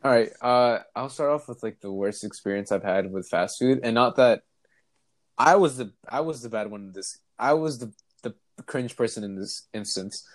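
Young man, casual storytelling, animated, mid-pitched, dry close sound. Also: moderate pace, no echo. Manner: animated, laughs while telling stories, acts out voices.

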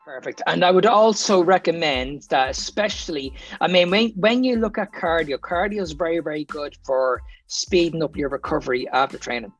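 A man's voice: fairly high pitch, moderate pace, hardly any pauses, no echo, soft background music. A man with an Irish accent, a fitness coach talking as a podcast guest, explaining training advice plainly from his own experience. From Ireland. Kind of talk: casual podcast chat.

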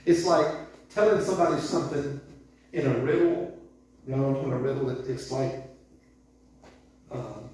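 Man in his sixties preaching, echoey. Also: mid-range voice. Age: 60s. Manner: conversational, animated, chuckles often. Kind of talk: informal sermon. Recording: echoey room from far off.

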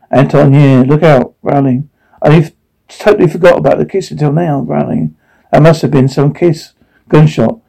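Gravelly man reading zombie-drama cues. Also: fairly high pitch, dark tone, poor audio.

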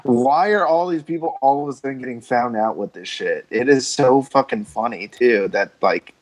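A man co-hosting a podcast, joking crudely in an animated, casual way. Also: mid-range voice, normal speed, rough recording. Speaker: podcast co-host. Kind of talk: casual chat.

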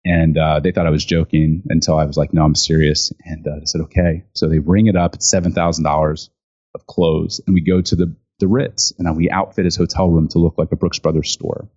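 A low-pitched man tells a story in an interview, animated and chatty. He acts out what other people said, with plenty of fillers and restarts. The recording sounds dull and lo-fi. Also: a little fast. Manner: animated storyteller acting out quotes with many fillers. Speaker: guest, speaker and author on gifting.

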